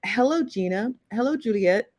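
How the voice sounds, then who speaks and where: A woman's voice: on the high side, animated, moderate pace, darkish tone. Laid-back woman hosting a live stream. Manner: laid-back, chatty, laughs easily. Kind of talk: casual live stream chat.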